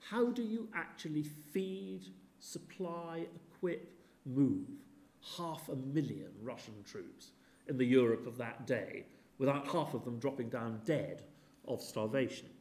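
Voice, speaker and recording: A man's voice: on the high side, darkish tone. A man delivers a public lecture in a large theatre, and his voice rises and falls a great deal. He slips in dry, ironic asides as he goes. The sound is roomy, with the hall ringing around him. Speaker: history lecturer.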